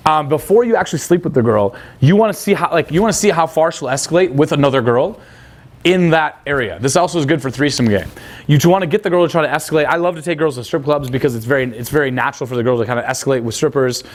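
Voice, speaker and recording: A man's voice: a little high, quick pace. A young man coaching on dating, blunt and crude, acting out quoted dialogue. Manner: blunt, casual, crude slang. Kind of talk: coaching talk.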